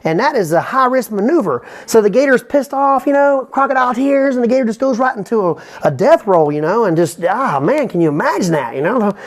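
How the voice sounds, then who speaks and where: Guy riffing a wild comedy bit super fast, keeps saying you know what i'm saying. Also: very high voice, lively intonation. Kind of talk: rambling comic storytelling.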